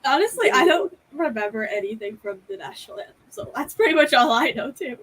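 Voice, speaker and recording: High-voiced wry woman on a stream. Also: sing-song, fairly quick, fairly bright tone, rough recording. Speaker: co-host on a live stream. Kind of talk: casual chat on a live stream.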